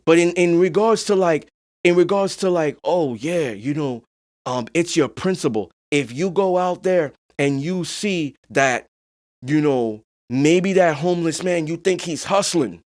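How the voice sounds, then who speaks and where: A man's voice: on the high side, expressive, unhurried, a little mellow. A man hosting a podcast in a casual monologue. He talks bluntly and emphatically, swears freely, and keeps checking in with "you know what I'm saying.". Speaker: podcast host.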